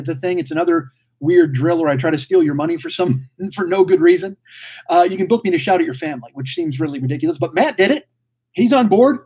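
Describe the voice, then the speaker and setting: A man's voice: high-pitched, darkish tone, slightly rough. A man in his forties hosting a casual livestream, reading chat and rambling profanely like a mouthy motor mouth. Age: 40s. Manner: mouthy, blurts without thinking. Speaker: podcast host reading live chat.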